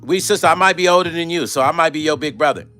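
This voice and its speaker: A middle-aged man hosting a casual live stream, telling gossipy stories in an animated way, swearing and reading out chat comments. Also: fairly high pitch, quick pace, soft background music. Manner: animated, swearing, acts out quoted voices, talks to chat.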